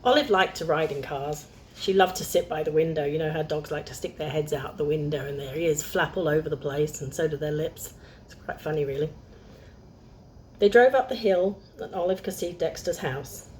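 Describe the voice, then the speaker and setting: A woman's voice: low-pitched, moderate pace, darkish tone, a little hiss or hum. A young woman reading a picture book aloud, chatting to young listeners between lines. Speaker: storyteller.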